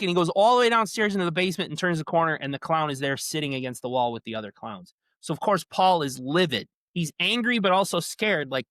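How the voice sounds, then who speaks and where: A man co-hosting a podcast, retelling horror movie scenes in an animated, casual way, swearing now and then. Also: on the high side, a little fast, dry recording, studio quality. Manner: animated storytelling, swears, says yeah a lot. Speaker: podcast co-host. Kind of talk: casual movie recap chat.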